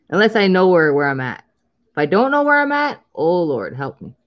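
A woman's voice: on the low side, big pitch swings, normal speed, dull audio. A woman in her thirties chatting casually on a live stream while scratching lottery tickets, drawing out the numbers she calls and laughing often.

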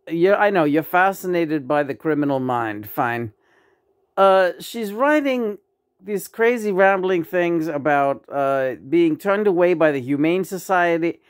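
A woman channeling the spirit of a late male rock musician, talking in a lowered, soothing then gossipy way. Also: a little mellow, no echo, clean studio sound.

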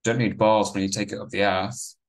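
A man's voice: lowish voice, level tone, a little fast, natural voice. A man voicing a spiteful thirteen-year-old troublemaker who spits out goading insults.

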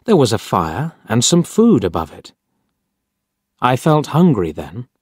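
Slow, clear male storybook narrator. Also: mid-range voice, very animated, no room sound, studio quality. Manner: clear, deliberate graded-reader delivery. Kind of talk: audiobook story reading.

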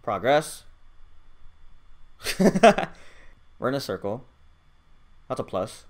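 A man giving live gameplay commentary, swearing constantly and swinging from low muttering to loud excited outbursts. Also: extremely slow, long pauses. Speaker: gamer.

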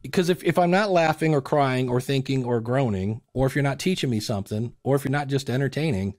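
A man on a podcast as a guest, chatting casually and acting out little quoted exchanges with lively energy. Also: mid-range voice, a little fast, dry recording. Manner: animated storyteller acting out quotes.

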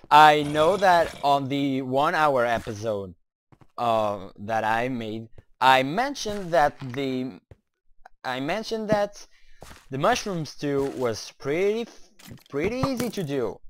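Young guy doing a let's play, jumpy voice that swings all over, slow talker. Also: medium pitch. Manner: excitable, talks to the game's creatures, curses.

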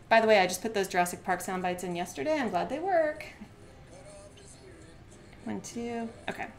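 A woman chatting quickly with lots of filler words while she works on a craft during a live stream, now and then counting softly under her breath as she stands at her desk at home. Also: mid-range voice. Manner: fast-talking with many filler words.

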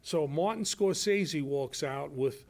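Man, radio guest, animated storyteller, voices the people in his tale, slightly higher pitch. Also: slow. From Brooklyn, New York. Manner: animated, acts out quoted voices. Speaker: guest actor and nightclub comic.

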